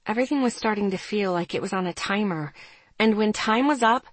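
A woman narrating a first-person story as an audiobook, steady and measured. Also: medium pitch, no room sound.

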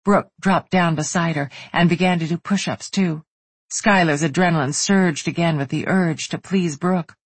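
A woman reading a romance novel aloud as the narrator, in an even, steady way. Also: lowish voice, moderate pace, husky, no room sound. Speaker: audiobook narrator. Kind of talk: scripted narration.

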